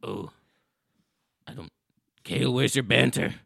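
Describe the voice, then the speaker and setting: A man hosting a parody late-night call-in show, bantering comedically and swinging into high, shouty outbursts. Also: a little slow, creaky, husky, no echo, studio quality. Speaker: radio show host. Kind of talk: comedic improvised radio banter.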